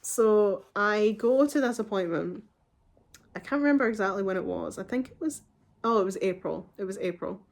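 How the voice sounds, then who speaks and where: A woman's voice: mid-range voice, animated, moderate pace. Young female vlogger; casual, rambling storyteller straight to camera. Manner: chatty and rambling, with frequent "like" and restarts.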